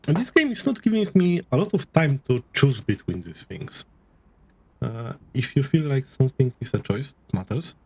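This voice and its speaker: A man streaming a game live, chatting to his viewers in a rambling, halting way. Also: mid-range voice, sing-song, slightly rough.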